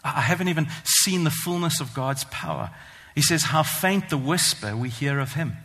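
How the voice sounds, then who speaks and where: A man preaching a sermon, earnest and emphatic, slowing down to stress the scripture he reads. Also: a little high, lively intonation, bright, forceful tone. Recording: long hall reverb.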